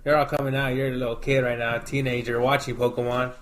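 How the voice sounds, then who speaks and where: A man's voice: mid-range voice, flat delivery, fast. A man who is a guest on a casual podcast, chatting in an easygoing way and laughing often.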